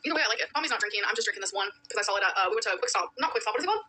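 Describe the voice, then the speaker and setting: A woman vlogging to camera, chatty and excitable in casual talk. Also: medium pitch, very fast, breathy edge. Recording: noisy vlog clip replayed.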